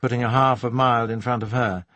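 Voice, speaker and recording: A man reading an audiobook in scripted narration, with a measured, even delivery. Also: mid-range voice, no echo.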